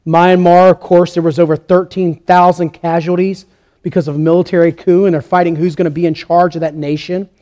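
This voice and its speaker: Male pastor, higher voice, sermon delivery with lively storytelling. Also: brisk. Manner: storytelling preacher, rising to animated peaks.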